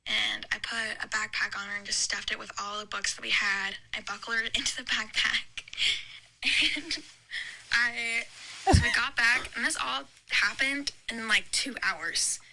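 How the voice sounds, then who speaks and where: A young woman tells a story in a loose, rambling way, filling it with "like" and restarts. Her voice is very bright and cutting, with a gravelly fry running through it, and she sits a little high for a woman. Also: fairly even intonation, unhurried, rough recording. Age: young adult. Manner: chatty, rambling story with many likes. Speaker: podcast guest. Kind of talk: casual storytelling.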